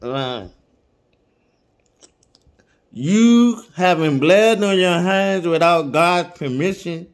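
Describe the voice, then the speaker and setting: A man reading scripture aloud slowly, saying every comma and period, then preaching casually to his listeners. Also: high-pitched, animated. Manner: reads each verse slowly, speaking the punctuation aloud; casual, streetwise preaching, repeating "okay?" and "y'all". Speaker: Bible reader.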